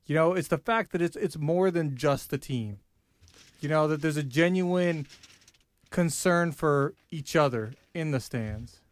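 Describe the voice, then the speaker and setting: A man's voice: a little high, measured pace. A middle-aged man co-hosting a podcast in casual chat, earnest as he thanks listeners. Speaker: podcast co-host.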